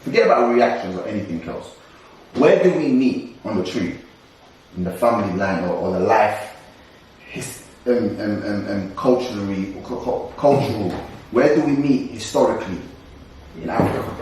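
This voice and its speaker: A young man, co-hosting a casual discussion podcast in an animated, ranting way with frequent laughs. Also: lowish voice, normal speed, distant mic, slight background noise. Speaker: co-host. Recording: echoey room, voice away from mic.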